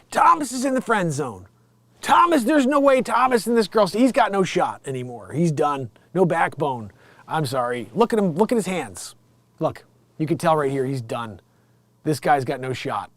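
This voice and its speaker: A man's voice: a little high, sing-song, normal speed, a bit bright, no echo. A man doing brash, mocking improvised comic commentary on a live stream.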